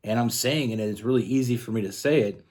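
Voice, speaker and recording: A man's voice: medium pitch, quick pace, darkish tone. A man from Canada giving a casual tarot love reading, earnest and rambling with frequent restarts. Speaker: tarot reader.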